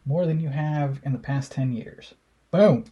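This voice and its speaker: A young man talks through memes in casual, swear-heavy commentary, mocking and sarcastic. His voice is mellow and dark, with a very husky, rough edge. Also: medium pitch, a little slow, muffled recording.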